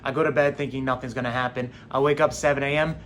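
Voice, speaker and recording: A young man casually telling a story straight to camera, animated and acting out what others said. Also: medium pitch, fast talker, a little hiss or hum. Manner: animated, acts out quoted voices.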